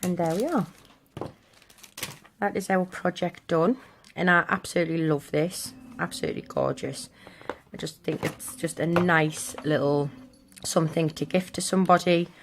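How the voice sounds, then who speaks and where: A woman's voice: on the low side, normal speed, a little hiss or hum. A woman hosting a casual crafting tutorial, chatting step by step while she works with her hands.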